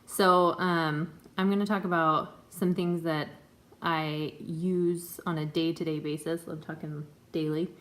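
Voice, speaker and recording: A woman's voice: low-pitched, little pitch movement, a little slow, hardly any pauses. Chatty woman in her twenties. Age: 20s. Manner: chatty, filler-heavy, self-conscious. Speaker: vlogger. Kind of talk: casual chat. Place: home room.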